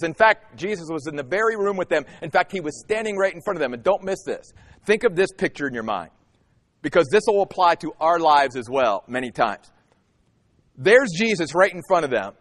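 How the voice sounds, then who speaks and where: A man preaching a sermon as a pastor, emphatic and animated, with dramatic pauses. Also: sits high. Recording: long hall reverb.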